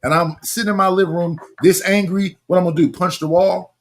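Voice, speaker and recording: High-voiced man joking on a live panel. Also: fairly even intonation, fairly quick. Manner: loose, joking, talks in restarts. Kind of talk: casual live-stream panel chat.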